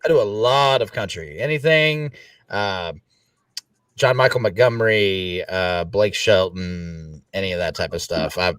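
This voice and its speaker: A man's voice: low voice, unhurried, smooth, no echo, far from the mic. A man co-hosting a casual drinking chat, joking and singing bits of songs. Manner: animated, jokey, sings snippets. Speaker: karaoke host and show co-host.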